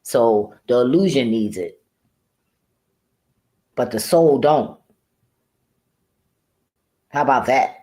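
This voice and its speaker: A woman's voice: extremely low pitch, lively intonation, slow, pauses often, dark tone. A woman vlogger ranting casually to camera in a blunt, profane way, often laughing at her own remarks. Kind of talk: casual rambling rant to camera.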